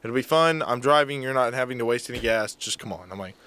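A man's voice: medium pitch, fast talker, clear, resonant tone. Young man telling a story, self-mocking. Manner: animated storyteller, acts out quotes, self-mocking. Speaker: podcast co-host. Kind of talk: casual storytelling chat.

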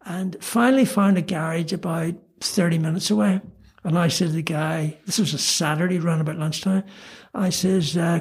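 A man's voice: a little high, steady tone, moderate pace, slightly rough. An older man with a Belfast accent, telling self-mocking anecdotes in a casual chat, with many ums and restarts. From Northern Ireland. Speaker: guest storyteller. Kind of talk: casual storytelling.

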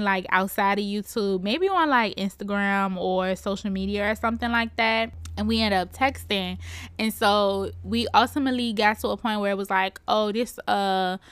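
A woman's voice: medium pitch, moderate pace, clear, resonant tone, dry recording. Chatty young woman spilling a story. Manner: chatty, animated, slangy, talks straight to listeners. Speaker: podcast host. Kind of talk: casual confessional storytelling.

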